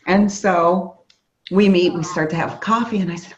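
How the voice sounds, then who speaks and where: Woman, storytelling sales trainer, low-pitched, muffled lo-fi event audio. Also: moderate pace. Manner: storytelling, acts out lively quoted dialogue. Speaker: training speaker. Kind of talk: motivational sales training talk.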